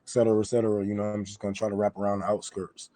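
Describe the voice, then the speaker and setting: A man's voice: lowish voice, flat delivery, rapid-fire, warm tone, dry recording. A man who is a guest on a talk show, speaking casually and loosely, with plenty of swearing. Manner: loose, profane, trailing off. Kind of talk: casual chat.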